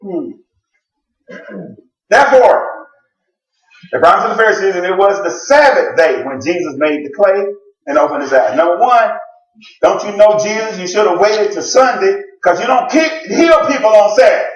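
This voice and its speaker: A man preaching a sermon, telling the story with jokes and sudden shouted exclamations. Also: high-pitched, expressive, moderate pace, muffled recording. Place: church sanctuary. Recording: roomy church sound from a distant mic.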